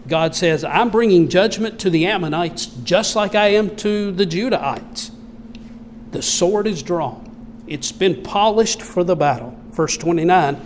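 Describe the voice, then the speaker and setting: A man with a Southern American accent preaching a sermon, reading scripture slowly and solemnly, then explaining it in plain, folksy talk. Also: high-pitched, long reverb tail, a little hiss or hum. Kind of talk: expository sermon reading King James scripture.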